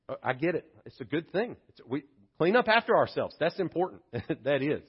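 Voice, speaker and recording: A man preaching a sermon as a pastor, swinging from hushed, reflective passages to loud, emphatic ones. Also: fairly high pitch, very animated, normal speed, breathy edge. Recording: dull lo-fi sermon audio.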